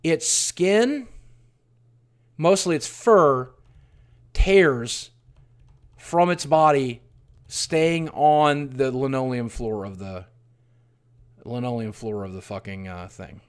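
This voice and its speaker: A middle-aged man telling a painful personal story on his livestream, swearing often and swinging between hushed mutters and loud outbursts. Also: mid-range voice, slow, long pauses, smooth. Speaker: streamer.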